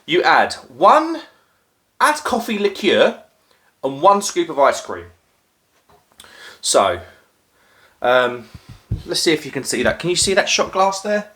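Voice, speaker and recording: A man's voice: on the high side, sing-song, slow, pauses often, pushed and bright. Man, casual home vlog, rambling, lots of ums, phone recording. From Norfolk, England. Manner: rambling, self-deprecating, many filler ums. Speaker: craft beer video host. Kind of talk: casual chat while making a drink. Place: at home, crouched down.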